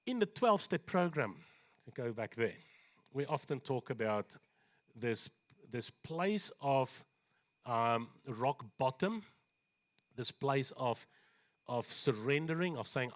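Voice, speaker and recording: A man preaching a sermon in a church, animated, with joking asides and slower scripture readings. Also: mid-range voice. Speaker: pastor.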